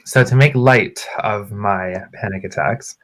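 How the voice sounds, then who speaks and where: A man on a casual podcast, telling a personal story in a lively, dramatic way and acting out what people said. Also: fairly low pitch, a little slow. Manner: animated, dramatic storyteller with acted quotes. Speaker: podcast co-host.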